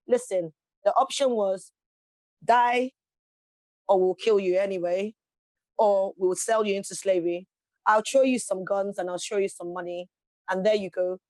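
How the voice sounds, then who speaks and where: A woman's voice: mid-range voice, darkish tone, no room sound. A woman, a guest in an interview, speaking passionately with emphatic rhetorical questions. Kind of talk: passionate conversational speech.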